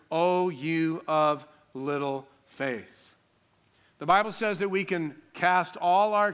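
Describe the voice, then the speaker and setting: Male pastor preaching, bright sharp voice, a bit high, repeats stuff for emphasis. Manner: emphatic, repeats key lines, call-and-response. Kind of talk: sermon.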